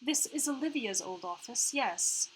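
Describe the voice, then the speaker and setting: A woman voicing a calm, measured female AI hologram with a part Australian accent. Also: on the high side, slight background noise, rough recording. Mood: informative. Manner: measured, informative. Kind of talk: reading a visual novel aloud.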